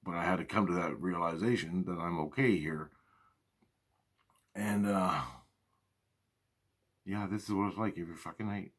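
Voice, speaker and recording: Man with a deep voice for a casual, swear-heavy vlog monologue that loops back on itself. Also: normal speed, long pauses. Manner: profane, repetitive, restarts often. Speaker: vlogger. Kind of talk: rambling spoken monologue.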